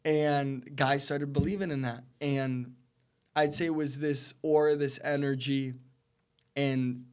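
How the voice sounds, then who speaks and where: A man's voice: mid-range voice, flat delivery, slow, a little mellow, smooth. A man in his twenties, a podcast guest, telling long earnest stories about his soccer career in a rambling conversational way. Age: 20s. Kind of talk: casual interview storytelling.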